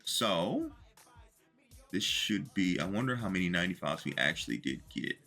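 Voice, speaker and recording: Bright-voiced man chatting through a game. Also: sits low, sing-song, moderate pace, gravelly, soft background music. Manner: chatty, talks through his math aloud. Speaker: gaming video creator. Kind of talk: casual commentary to viewers while opening packs.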